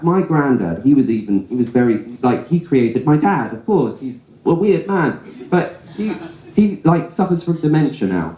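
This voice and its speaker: A man's voice: mid-range voice, mellow. A young man performing a stand-up comedy set in a club, telling stories in a chatty way and tossing in "right?" asides. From England. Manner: conversational storytelling with frequent "right?" asides. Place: comedy club stage before a laughing audience. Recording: roomy club echo.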